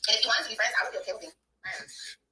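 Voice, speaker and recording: A woman's voice: mid-range voice, expressive, very fast, pushed and bright. A woman livestreaming outdoors, talking in a defiant, profane way, heard from a distance on a phone mic with faint noise behind her. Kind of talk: livestream talk.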